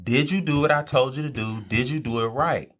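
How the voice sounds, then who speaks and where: A man's voice: medium pitch, a little fast, fairly bright tone. A young man, talking faith casually and repeating phrases for emphasis. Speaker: podcast co-host. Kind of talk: faith talk among friends.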